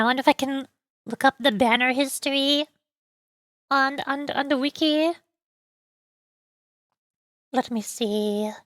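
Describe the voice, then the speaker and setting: A young woman with a high, lively voice who chats casually as she streams a game, with playful sarcasm and quick reactions. Her talk wanders and stays light. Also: no echo. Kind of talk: casual gaming stream chat.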